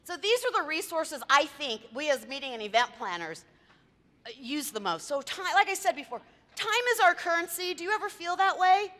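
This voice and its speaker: Bright high-voiced woman presenter. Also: sing-song, normal speed. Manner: chatty, quizzes the audience, tells anecdotes. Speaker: event planner giving a talk. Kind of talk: lively presentation to a live audience. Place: meeting room with audience. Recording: reverberant hall.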